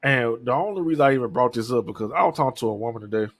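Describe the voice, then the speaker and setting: Talking very fast with lively intonation, this medium-pitched man in his thirties hosts a podcast by himself. It's a dry recording of a casual monologue that's candid, rambling, and heavy on profanity.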